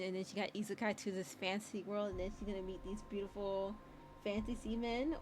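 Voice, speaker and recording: A woman streamer giving playful, chatty commentary on a game, reading the on-screen text aloud and reacting loudly. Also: medium pitch, slight background noise.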